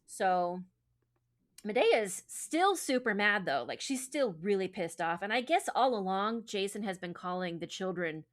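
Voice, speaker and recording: A woman's voice: medium pitch, lively intonation, a little slow. Chatty, swearing woman podcast host. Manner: chatty, profane, filler-heavy. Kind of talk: casual storytelling chat.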